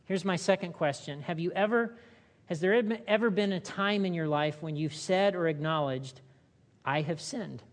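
A woman pastor preaches a conversational sermon, asking the congregation questions and acting out brief voices. Her voice is lowish at a normal speed, with long hall reverb.

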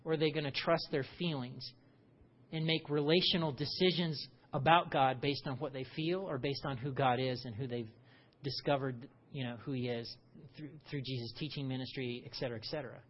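A man preaching a conversational sermon, animated and full of rhetorical questions. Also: mid-range voice, brisk, lo-fi sound. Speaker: pastor.

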